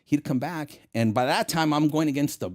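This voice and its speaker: This middle-aged man's voice runs a little high and moves at a normal speed. A retired federal agent, he's a guest in a casual interview, animatedly telling stories and voicing the characters' lines himself.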